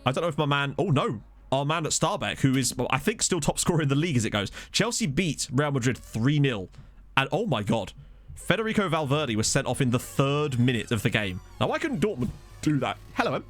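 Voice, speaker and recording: A man's voice: medium pitch, big pitch swings, brisk. A man chatting casually on a live stream as he plays a football management game, rambling and answering viewers. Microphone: desktop USB microphone.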